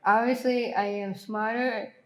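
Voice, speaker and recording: A woman's voice: a little high, steady tone, unhurried. A woman on stage reading her prepared remarks in a playful, teasing way as the guest speaker. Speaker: guest speaker, sister of the host.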